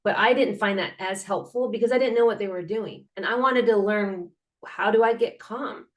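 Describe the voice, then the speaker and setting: A woman's voice: medium pitch, normal speed. Earnest woman with many restarts. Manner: animated, acts out sounds and laughter. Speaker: guest, mental health advocate. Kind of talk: casual interview talk.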